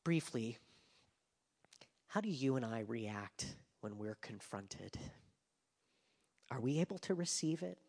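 A pastor preaching a sermon with passion, rising to loud emphasis and dropping to hushed whispers. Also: male voice, mid-range voice, animated, slow, vocal fry, pauses often. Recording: long hall reverb.

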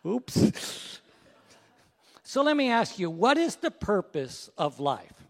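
A man preacher delivers a sermon in a fairly high, lively voice that swings widely. He takes his time over each phrase. His words trail off into the long reverb of a church hall. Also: a little slow. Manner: storytelling, rising to loud peaks and dropping to hushed prayer. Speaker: pastor.

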